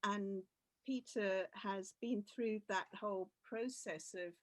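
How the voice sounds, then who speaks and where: A woman's voice: mid-range voice, slow pace, dry recording. A woman facilitating a conference session on a video call, upbeat and friendly, with easy laughter. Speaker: facilitator and consultant.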